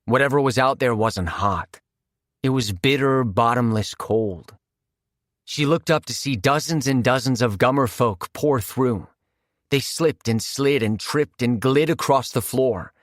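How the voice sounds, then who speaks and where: A man's voice: mid-range voice, no echo. Male horror audiobook narrator, dry and close. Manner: measured, vivid storytelling.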